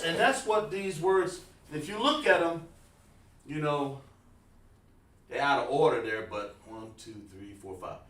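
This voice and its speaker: A man gives a loose, informal language lesson at a board, talking straight to his viewers. His voice sits at an ordinary pitch. The sound is roomy and comes from a mic set well back from him. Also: fairly bright tone, far from the mic. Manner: casual, informal, addresses viewers by name. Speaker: teacher. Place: room with a writing board.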